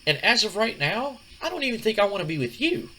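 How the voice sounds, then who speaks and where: A man doing a high, exasperated girlfriend. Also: very animated, fast, bright, forceful tone, slight background noise, heavily acted, rough recording. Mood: indignant. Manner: high, pleading and indignant. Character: exasperated young woman, fed-up girlfriend.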